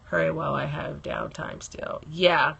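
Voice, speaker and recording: Chatty woman with a gravelly, husky voice. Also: low voice, wildly swooping pitch, measured pace, fairly bright tone, highs cut off. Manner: chatty, laughs often, greets viewers by name. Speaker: beauty blogger hosting a live stream. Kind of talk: casual live-stream chat.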